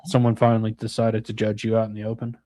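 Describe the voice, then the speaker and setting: Fast-talking teasing man. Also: lowish voice, monotone, dark tone, dry recording. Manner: teasing, brief interjections. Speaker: livestream co-host. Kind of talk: casual livestream banter.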